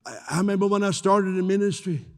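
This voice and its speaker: An older male pastor delivers a sermon with a slightly high-pitched voice, jumping into acted-out voices as he tells stories. The sound carries a long reverb, as if filling a large church hall. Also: quick pace. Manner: animated storytelling, acts out voices.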